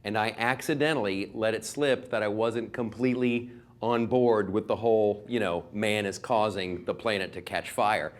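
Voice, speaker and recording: A man's voice: on the low side, fairly even intonation, normal speed. A male comedian doing a sarcastic stand-up monologue, rambling with filler words.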